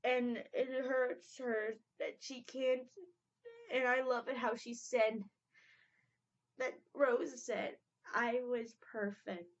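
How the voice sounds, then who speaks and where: A young woman hosting a reaction video, talking in a halting, emotional way with many restarts. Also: fairly high pitch, little pitch movement. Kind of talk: casual reaction commentary. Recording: dull lo-fi home recording.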